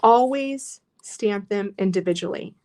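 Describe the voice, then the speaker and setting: A woman's voice: medium pitch, measured pace, a little mellow. A woman teaching a live online scrapbooking class in a chatty, encouraging way, reading out viewer comments as she works.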